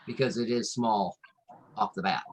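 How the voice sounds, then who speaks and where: A man's voice: on the low side, normal speed. A man in a casual chat who jokes and chuckles often.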